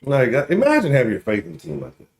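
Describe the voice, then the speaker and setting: Animated, foul-mouthed sports-talk man. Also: mid-range voice, quick pace. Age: late 30s. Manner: profane trash talk, keeps asking "right?". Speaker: sports talk show host. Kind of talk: casual sports talk livestream.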